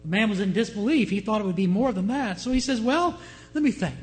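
Here the pastor's high voice moves fast, with soft music underneath. His sermon is full of animated stories, and he regularly turns to the congregation with questions.

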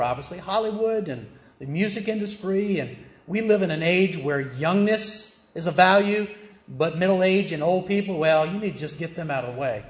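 Man preaching in an echoey church. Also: a little high. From American South. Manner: conversational preaching with rhetorical questions. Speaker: pastor. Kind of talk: sermon.

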